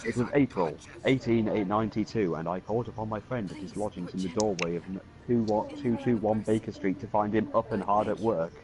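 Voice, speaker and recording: A man's voice: lowish voice, brisk, a crowd in the background. A man hosting a gaming video, reading comedy sketches aloud in a playful, giggly way. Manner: playful, giggly, swings into silly voices.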